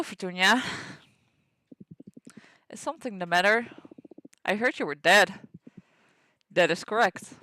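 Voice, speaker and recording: A woman voicing an old, dead witch who leads a coven, speaking formally and slowly in a game read-aloud. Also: mid-range voice, fairly bright tone. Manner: formal, measured speech. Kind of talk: reading game dialogue aloud.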